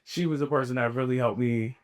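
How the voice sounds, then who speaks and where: Male co-host, relaxed and candid, casual slang, medium pitch. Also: fast talker. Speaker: podcast co-host. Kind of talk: casual conversation.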